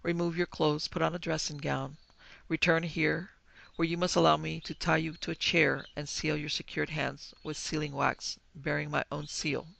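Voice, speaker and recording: A man playing a skeptical German businessman who speaks in a stiff, formal way, with a gravelly, fairly high voice. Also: level tone, moderate pace, bright, forceful tone, heavily acted. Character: skeptical middle-aged male German businessman.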